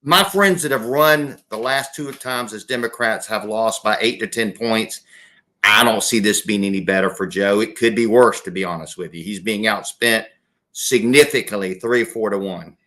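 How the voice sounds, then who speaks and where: A man's voice: on the low side, moderate pace, sharp tone. A middle-aged man from South Carolina, a former state legislator, talking politics as a guest in an interview with folksy self-corrections and restarts.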